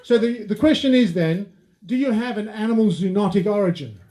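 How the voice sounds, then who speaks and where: A prim male TV interviewer, played by a man questions his guest in stiff, mock-formal phrases in a live comedy sketch. His voice sits high for a man. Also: brisk, dark tone, close to an everyday voice.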